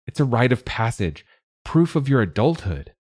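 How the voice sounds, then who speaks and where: A man's voice: medium pitch, very animated, normal speed, darkish tone, husky, dry recording, clean studio sound, pitched above the performer's own voice. A man voicing a loving father in an audiobook, earnest and reassuring as he comforts his daughter.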